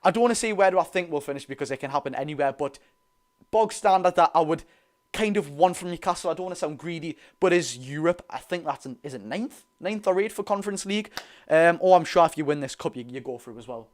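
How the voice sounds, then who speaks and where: A man's voice: on the high side, expressive, quick pace. A man with a Geordie accent hosting a casual live stream, reading out viewer questions and answering them chattily, often calling listeners "mate". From North East England. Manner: calls listeners "mate" and "lads". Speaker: livestream host. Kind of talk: casual live watch-along chat.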